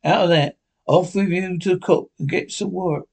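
A man's voice: high-pitched, moderate pace, vocal fry, husky, full character voice. A man reading an audiobook voices a stern, blunt sea captain who speaks formally in a raised voice. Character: gruff, stern older male ship captain.

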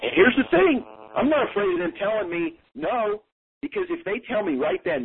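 A man's voice: high voice, sing-song, normal speed, vocal fry, husky. A man hosting a business podcast, teaching in a casual monologue and acting out both sides of client calls. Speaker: podcast host, business coach. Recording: phone-like narrow sound.

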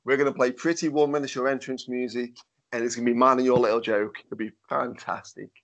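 A man's voice: mid-range voice, steady tone, quick pace, gravelly, fairly bright tone, dull audio. A man with a Stoke accent hosting a podcast, jokey, laughing often and restarting his sentences. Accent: Stoke-on-Trent. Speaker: podcast host. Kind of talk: casual podcast chat.

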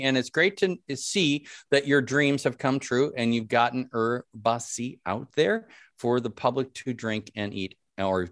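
A man's voice: mid-range voice, fairly bright tone, no echo, clean studio sound. A man hosting a podcast, upbeat and rambling, with fillers and some mild swearing. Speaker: podcast host. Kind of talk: casual interview chat.

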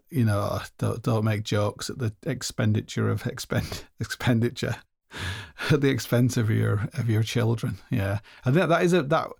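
A man's voice: mid-range voice, creaky, a little mellow, no room sound, clean studio sound. A middle-aged man hosting a podcast, rambling and joking in casual solo talk, often stopping and restarting his sentences. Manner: rambling, self-interrupting, joking. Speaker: podcast host.

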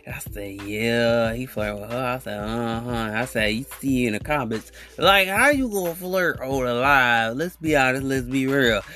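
A man's voice: mid-range voice, moderate pace, hardly any pauses, faint music behind. Slangy young man telling a story. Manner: animated, slangy, rambling, acts out quotes. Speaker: podcast host. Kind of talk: casual storytelling monologue.

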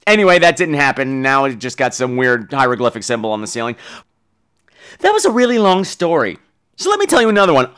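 A man tells a comic story on his podcast with campy, theatrical flair. He sounds grieving and dazed, yet his voice stays bright and animated. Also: mid-range voice, quick pace, clear, resonant tone. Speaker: podcast host.

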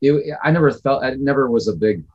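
A man's voice: mid-range voice, expressive, a little fast, dull audio, a crowd in the background. A man from Wisconsin, co-hosting a casual podcast chat, telling stories in a reflective, rambling way. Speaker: podcast co-host.

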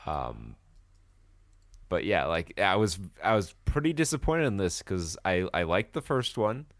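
A man talks through a movie review on a podcast, his low voice swinging widely up and down as he acts out bits of trailers. He swears casually and keeps the tone loose. The sound is dry and close, with no room around it. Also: very animated, measured pace, no room sound. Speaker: podcast co-host.

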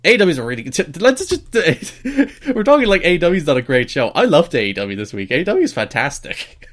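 A man's voice: on the high side, big pitch swings, brisk. An Irish man co-hosting a podcast, chatting casually and teasing his co-host with playful banter. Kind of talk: joking casual chat.

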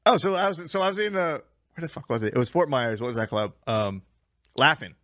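A male comedian on a podcast, telling rambling road stories with a lot of swearing and laughter. His voice sits a little higher than most men's. The mic is close and the room sound is dry and dead. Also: expressive, quick pace, fairly bright tone, no echo. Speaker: stand-up comedian and podcast host. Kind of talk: casual chat, swapping road stories.

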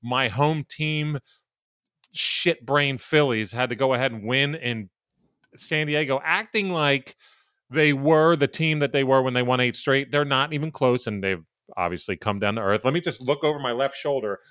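A man's voice: medium pitch, fairly bright tone, no echo, studio quality. A man co-hosting a casual sports betting podcast, bantering loosely with jokes and swearing over a video call. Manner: loose, profane, joking banter. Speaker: podcast co-host.

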